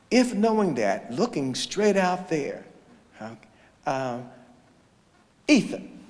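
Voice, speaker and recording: Animated male storyteller in a reverberant hall. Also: medium pitch. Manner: animated storyteller who acts out quoted voices. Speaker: choral conductor giving a public lecture. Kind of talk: storytelling lecture. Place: large lecture hall or church indoors. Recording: long reverb of a large hall.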